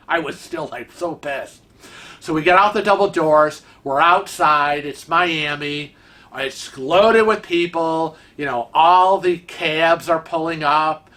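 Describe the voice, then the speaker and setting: Male vlog host, animated storyteller, slightly raised pitch, tense bright tone. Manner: chatty, animated, acts out quoted dialogue. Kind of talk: casual storytelling.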